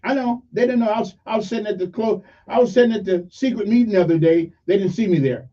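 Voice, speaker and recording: A man's voice: high-pitched, quick pace, mellow, distant mic. An older man hosting a casual morning radio talk show, rambling and joking with many fillers. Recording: muffled audio from off mic.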